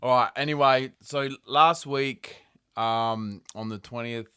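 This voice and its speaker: A man's voice: mid-range voice, slow pace, pushed and bright, clear, resonant tone, no room sound, clean studio sound. A man hosting a casual podcast chat, laid-back, swearing freely and laughing often. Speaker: podcast host.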